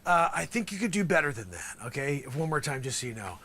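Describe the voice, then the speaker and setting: A man's voice: on the high side, very animated, fast talker, few pauses, sharp tone. A male host acting out an improvised courtroom sketch as a lawyer, talking theatrically and dropping into whispers for emphasis.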